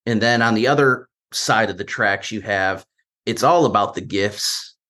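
A man's voice: fairly low pitch, normal speed, bright, forceful tone. A man hosting a podcast interview, asking questions in a conversational, hesitant way with many fillers. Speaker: podcast host. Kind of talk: casual interview chat.

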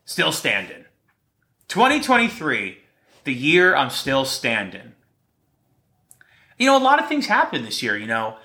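A man's voice: medium pitch, sing-song, measured pace, pauses often, bright, forceful tone. A man hosting a podcast on his own, telling stories in a light-hearted, rambling way, with a slight lisp. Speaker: podcast host. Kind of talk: casual solo podcast talk.

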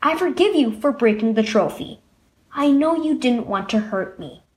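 A woman voicing a gentle, loving father who speaks softly and reassuringly in a children's storybook reading. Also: a little high, animated, moderate pace, lightly acted. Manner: soft, reassuring.

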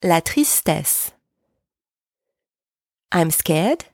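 Woman, language teacher, podcast lesson, slow deliberate delivery, dry close sound. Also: fairly low pitch, big pitch swings, dry recording. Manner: slow, careful, repeats French words for practice. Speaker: French teacher, podcast host.

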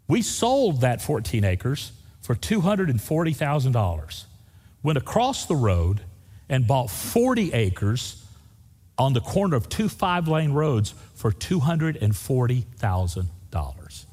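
A man's voice: medium pitch, sing-song, unhurried, darkish tone, breathy edge, long reverb tail. A man preaching a sermon as pastor, telling folksy stories and driving points home through repetition.

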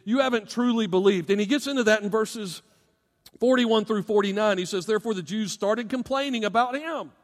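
Male pastor, high voice, emphatic animated preaching, long hall echo. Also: fairly quick. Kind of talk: sermon.

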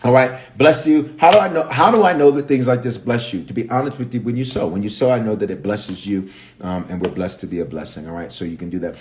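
A man with a Memphis accent, a bishop teaching the Bible on a livestream, telling the story with animated voices for the characters. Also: fairly low pitch, fast talker, slight background noise.

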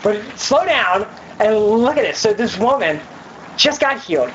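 A woman's voice: mid-range voice, very animated, a little slow, muffled recording, a little hiss or hum. Chatty woman giving a youth sermon. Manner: chatty, filler-heavy, acts out scenes in voices. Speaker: youth speaker.

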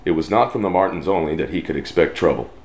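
Very deep-voiced Texan man reading a western. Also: animated, fast talker. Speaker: story reader. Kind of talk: reading a western story aloud.

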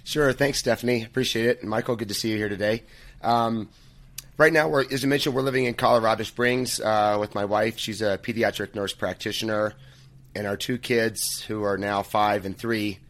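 A man's voice: fairly low pitch, steady tone, moderate pace, a bit bright. A man in his thirties, an author and coach, answering interview questions in a friendly, thoughtful way as he searches for words. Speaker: podcast guest, author and men's coach.

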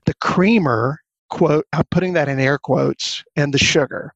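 A man as an interview guest, telling workplace anecdotes in an animated way and acting out the lines of the people in them. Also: on the high side, measured pace, gravelly, dry recording, dull audio. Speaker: guest consultant. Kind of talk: storytelling in a podcast interview.

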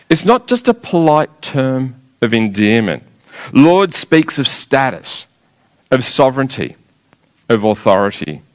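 A man preaching a sermon, retelling a scripture story in a measured, emphatic way with rhetorical pauses. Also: medium pitch.

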